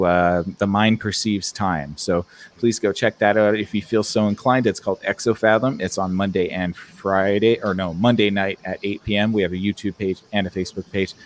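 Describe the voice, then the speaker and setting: A man hosting a casual movie and TV podcast, talking in a relaxed, rambling way with lots of fillers. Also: lowish voice. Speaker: podcast host.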